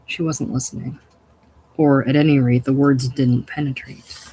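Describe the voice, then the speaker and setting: Someone reading a short story on stream, mid pitch, faint noise behind. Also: steady tone, moderate pace, warm tone, low-quality recording. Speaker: story reader. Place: home, at night. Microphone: livestream microphone.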